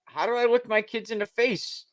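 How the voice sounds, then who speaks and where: A man's voice: very high-pitched, moderate pace, noisy background. Blunt opinionated man talking local sports. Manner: blunt, opinionated, repeats himself. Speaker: show host. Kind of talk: casual sports talk.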